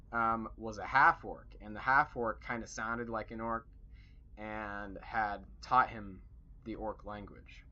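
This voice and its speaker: Young guy game master rambling thru a session recap, lots of ums, bright voice. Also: mid-range voice, lo-fi sound. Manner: rambling, full of fillers and self-corrections.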